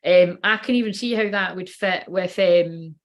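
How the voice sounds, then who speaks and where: A woman's voice: fairly low pitch, moderate pace. A woman in her late thirties giving a casual live-stream card reading, rambling, swearing freely and breaking off mid-sentence. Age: late 30s. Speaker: oracle card reader.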